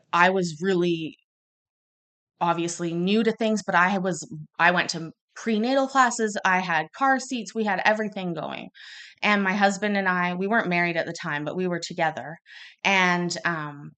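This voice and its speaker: A woman in her thirties telling a personal story in a casual, rambling way, restarting often and acting out quoted lines loudly. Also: on the low side. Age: 30s. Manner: chatty and rambling, with many restarts; acts out quoted lines with sudden bursts of loudness. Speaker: podcast host.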